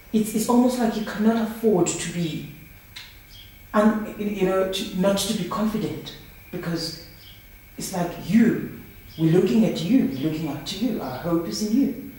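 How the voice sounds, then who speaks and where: A woman's voice: medium pitch, measured pace, long pauses, mellow. A woman and project founder being interviewed, speaking with passion and firing off emphatic rhetorical questions. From South Africa. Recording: roomy sound from a distant mic.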